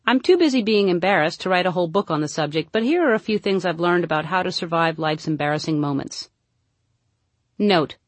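A woman reading a humorous book aloud, mostly deadpan with sudden playful jumps into high emphasis. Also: no room sound. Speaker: narrator. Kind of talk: comic audiobook narration.

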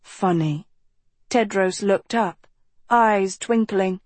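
A woman reading a fantasy novel aloud as audiobook narrator, measured and clear. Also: mid-range voice, darkish tone, dry recording.

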